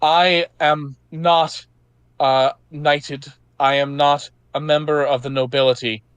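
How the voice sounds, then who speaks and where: A man's voice: on the high side, level tone, takes it slowly, fairly bright tone, clean tone, no echo. A man voicing a young woman knight giving a rousing speech to a crowd. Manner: rousing speech, raised proclaiming voice. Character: young woman knight rallying the people, defiant.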